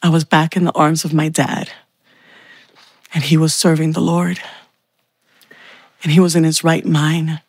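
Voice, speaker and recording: Woman telling her faith story real slow, bit of vocal fry, dry close sound. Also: low-pitched, level tone, no echo. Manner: heartfelt, slow storytelling with pauses. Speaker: speaker sharing testimony. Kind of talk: personal faith testimony.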